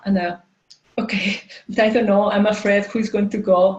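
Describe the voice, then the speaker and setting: A woman in her forties shares a frank personal story as a coach speaking to a live audience. She talks haltingly, restarting sentences with plenty of fillers, and her voice sits mid-range. The room around her is echoey. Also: mid-range voice, little pitch movement, a little mellow, dull audio. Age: 40s. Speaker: coach and entrepreneur.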